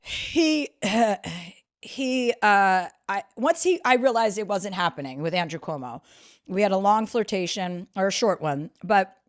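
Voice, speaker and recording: A woman spins a long personal story for a podcast. She is blunt and crude, and she pokes fun at herself as she goes. Her voice sits at an ordinary middle pitch. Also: expressive, unhurried. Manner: frank, crude, self-mocking. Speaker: podcast guest. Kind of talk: storytelling anecdote.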